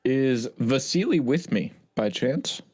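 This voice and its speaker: A man's voice: mid-range voice, animated, slow pace, a little mellow, slightly rough, dry recording. A man playing a tabletop game, speaking in a hesitant, thoughtful way. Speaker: player.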